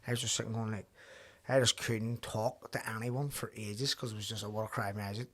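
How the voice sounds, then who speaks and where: A man's voice: on the low side, flat delivery. A young man, hosting a casual podcast chat and telling stories, swearing freely and quoting himself. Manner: rapid, swearing, storytelling with quoted asides. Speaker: podcast host, professional boxer.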